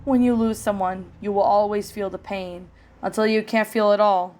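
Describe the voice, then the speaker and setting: A woman's voice: medium pitch, steady tone, normal speed, darkish tone, close to an everyday voice. A woman reading as a grieving cartoon mother. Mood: despairing. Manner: despairing, hopeless.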